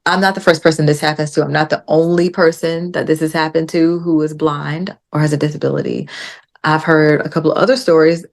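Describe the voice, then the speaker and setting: A woman guest on a podcast, telling a story in casual chat and acting out the quotes with lively jumps in her voice. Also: low-pitched, a little fast, creaky. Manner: animated retelling with acted-out quotes.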